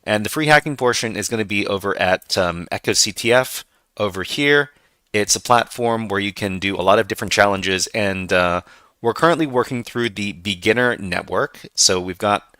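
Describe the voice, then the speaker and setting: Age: unknown. Sex: man. Role: host of a casual hacking livestream. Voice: low, bright and forceful, dry close sound. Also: normal speed, dry recording. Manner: loose, conversational and self-deprecating.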